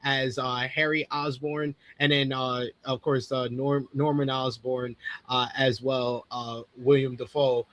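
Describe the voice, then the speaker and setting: A young man co-hosting a casual film review, halting and full of restarts as he gives opinions. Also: medium pitch, level tone, fairly bright tone. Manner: halting, many restarts and fillers. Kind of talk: casual podcast chat.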